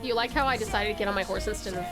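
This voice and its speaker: A Tasmanian woman with a medium-pitched, racing voice streams a game, chatting bubbly with her viewers and laughing often. Faint game music plays underneath her casual live-stream talk.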